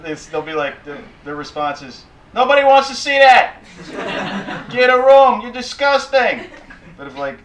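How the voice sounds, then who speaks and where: A man doing a stand-up comedy set in a small community center, talking in a hesitant, self-deprecating way full of fillers. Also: medium pitch. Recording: roomy hall with loud background noise. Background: audience laughter.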